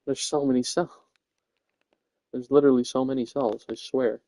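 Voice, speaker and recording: A man's voice: mid-range voice, fairly even intonation, normal speed, mellow, no room sound. A young man giving a rambling, playful tour of a Minecraft build, often correcting himself as he goes. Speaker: Minecraft server tour guide. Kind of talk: casual gameplay commentary. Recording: dull, dry home recording.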